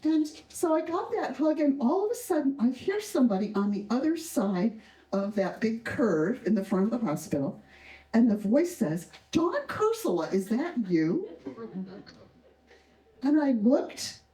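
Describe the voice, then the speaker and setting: A woman in her sixties telling a true story live on a stage, expressive and bouncing animatedly around her pitch range. Her voice is dark and mellow. The sound comes from a distant mic and echoes in a roomy hall. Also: normal speed. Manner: warm, expressive, acts out the voices of others. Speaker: retired nurse telling a personal story. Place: stage at a community arts event.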